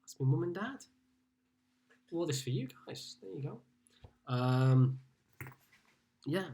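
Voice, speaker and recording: A man's voice: on the high side, lively intonation, takes it slowly, dark tone. A man from Liverpool hosting a casual live-streamed pub quiz from home, chatting and greeting players by name as he reads out their scores. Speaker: quiz host.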